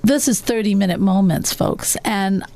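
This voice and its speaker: A woman's voice: medium pitch, normal speed, vocal fry, warm tone. A woman hosting a talk radio show, giving earnest life-coaching advice with many fillers and restarts.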